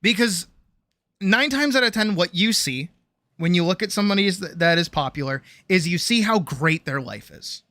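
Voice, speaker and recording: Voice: medium pitch, lively intonation, normal speed, a bit bright, no echo. A streamer chatting with viewers in a rambling, profane way, breaking off mid-sentence and laughing often. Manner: rambling, profane, self-interrupting. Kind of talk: casual chat with viewers. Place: home streaming setup.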